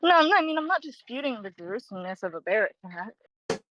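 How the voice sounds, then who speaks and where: A woman who is a guest on a casual podcast chat, joking in a dry, deadpan way. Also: fairly high pitch, brisk, muffled recording.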